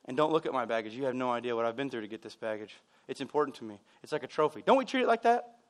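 A pastor with a medium-pitched voice races through a conversational sermon, animatedly telling stories and tossing in asides.

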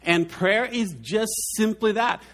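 Guy preaching a sermon, tells little stories, voice sits a bit high. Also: slow pace, fairly bright tone. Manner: storytelling preacher, acts out voices in anecdotes. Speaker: pastor.

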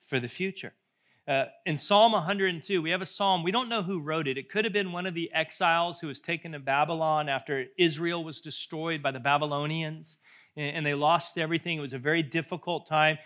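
A middle-aged male pastor preaching a sermon, moving from hushed, intimate passages to loud, slow, emphatic declarations. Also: a little high.

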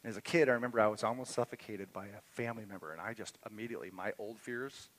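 A man's voice: on the low side, very fast, poor audio. A middle-aged man preaching a sermon in a church, telling a personal story and building to impassioned emphasis. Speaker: pastor. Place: church sanctuary.

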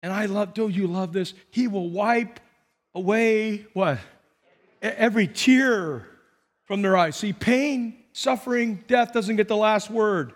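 A male pastor preaching a sermon, telling stories in an animated way with repetitions and asides. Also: high voice, measured pace. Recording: long hall reverb.

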